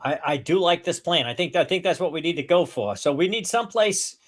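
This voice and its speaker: A man playing a tabletop horror game, talking in a halting way with many hesitations. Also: a little high, expressive. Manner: hesitant, halting, swears often. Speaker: player. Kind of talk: casual in-character play.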